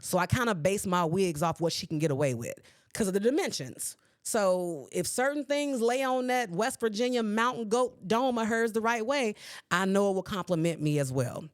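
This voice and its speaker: Sassy, animated woman podcast host. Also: mid-range voice, moderate pace, no room sound, studio quality. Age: 40s. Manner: sassy, animated ranting at the audience. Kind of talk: solo podcast commentary. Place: podcast recording space.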